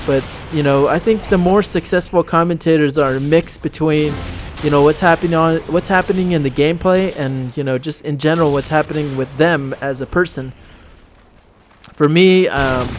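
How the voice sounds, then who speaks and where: A man's voice: a little high, slight background noise. A young man giving casual, rambling gameplay commentary, blunt and full of swearing.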